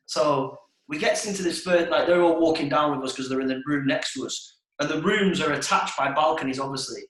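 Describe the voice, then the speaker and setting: A young male podcast co-host with a slightly high, fast, somewhat bright voice swaps crude nightlife stories in casual chat. He swears freely and laughs partway through his tales. The audio is poor and reverberant.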